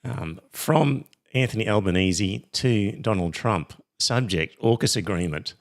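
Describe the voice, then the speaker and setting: A middle-aged Australian man hosting a podcast in casual chat, rambling and reading listener messages with many pauses and ums. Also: fairly low pitch, lively intonation. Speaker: podcast host.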